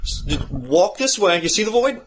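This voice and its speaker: Cranky cursing creator god scolding his angels, done by a man in a raised, lively voice. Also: sits high, normal speed, crowd noise, pitched above the performer's own voice. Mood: exasperated. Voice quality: exasperated, profane, ranting.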